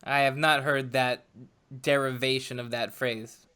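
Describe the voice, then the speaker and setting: A man's voice: mid-range voice, level tone, a little slow, bright, forceful tone, smooth. A man co-hosting a podcast in casual chat, talking hesitantly and musingly with many ums. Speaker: podcast co-host.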